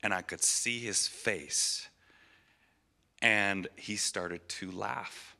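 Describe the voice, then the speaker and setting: A man's voice: lowish voice, very slow, creaky, pushed and bright. A man in his thirties giving an earnest, emotional testimony in a church sermon, often restarting his phrases. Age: 30s.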